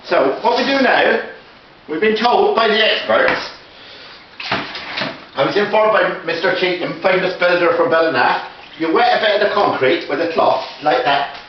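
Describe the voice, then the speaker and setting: Rambling deadpan man, echoey room. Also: high voice, moderate pace. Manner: rambling, deadpan, mock-serious asides. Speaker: comic DIY video host. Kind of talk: comic deadpan DIY tutorial. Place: indoors at a fireplace under repair. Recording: echoey, distant, muffled, noisy.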